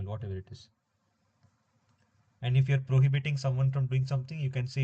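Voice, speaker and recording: A man teaching a French grammar lesson in a relaxed, informal way, explaining step by step with frequent fillers. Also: mid-range voice, brisk. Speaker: French tutor. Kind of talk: informal recorded language lesson.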